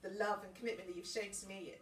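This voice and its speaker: A woman in her forties giving a heartfelt, halting thank-you speech at her birthday party, often breaking into laughter. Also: medium pitch, steady tone, slight background noise. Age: 40s. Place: large room or hall at a party. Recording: echoey hall from far off, crowd behind.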